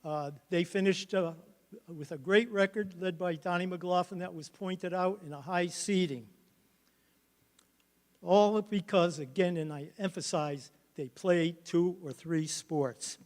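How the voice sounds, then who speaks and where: An older man, a former coach, giving a halting, emotional speech at a hall of fame induction ceremony. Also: high voice, a little mellow.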